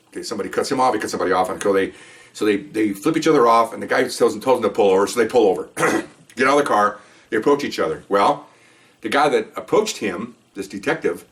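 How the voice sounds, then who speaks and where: A man's voice: medium pitch, fairly bright tone, far from the mic. An older man and retired police officer casually telling a story, rambling and chuckling with frequent "okay"s.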